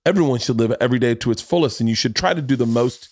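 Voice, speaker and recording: A man's voice: medium pitch, racing, a little mellow, no echo, clean studio sound. A man hosting a podcast in casual chat, telling self-deprecating stories with frequent restarts and swearing. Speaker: podcast host.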